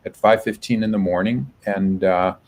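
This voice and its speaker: Low-voiced man telling a personal story. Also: steady tone, low-quality recording. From United States. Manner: reflective, halting, with soft restarts. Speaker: guest, public health professor.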